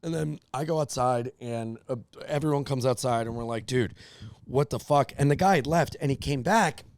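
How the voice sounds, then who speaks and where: A man's voice: mid-range voice, normal speed, no echo. A man hosting a podcast, telling a story casually and acting out the voices of the people in it. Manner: animated, acts out quoted voices. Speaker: podcast host.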